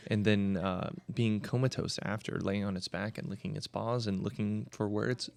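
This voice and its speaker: A man's voice: fairly low pitch, steady tone, normal speed, creaky. A young man, the host's younger brother, joining a casual podcast chat with laughing, teasing banter.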